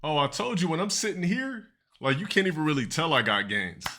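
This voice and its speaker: A man's voice: fairly high pitch, big pitch swings, brisk, sharp tone, slight background noise. A man chatting casually on a live stream, profane and boastful, laughing between remarks.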